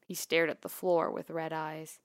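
A woman narrating a first-person memoir in a quiet, measured, intimate way. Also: sits low, little pitch movement, clean tone, no echo, studio quality.

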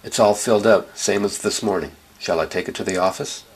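A man voicing a polite, soft-spoken teenage schoolgirl in a story reading, staying close to his own husky voice. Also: on the low side, fairly quick, a little hiss or hum, close to an everyday voice, poor audio.

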